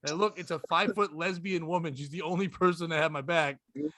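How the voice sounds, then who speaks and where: A man, a comedian guest, telling a story with casual profanity and deadpan delivery on a podcast. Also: a little high, fast talker, dry recording.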